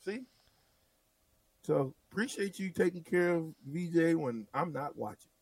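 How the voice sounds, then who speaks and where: A man bantering on sports radio, teasing and animated, his voice swinging from loud bursts to low mutters. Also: unhurried, husky, no echo, recorded from a distance.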